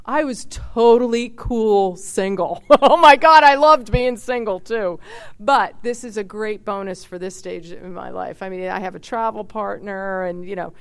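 Woman, 50s, casual storytelling, smooth resonant voice, chatty, expressive. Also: mid-range voice, unhurried. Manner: chatty, expressive, many fillers and asides.

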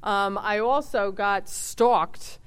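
Chatty woman in her fifties, smooth voice. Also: mid-range voice, drawn-out words. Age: 50s. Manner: chatty, expressive, many fillers and asides. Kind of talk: casual personal storytelling.

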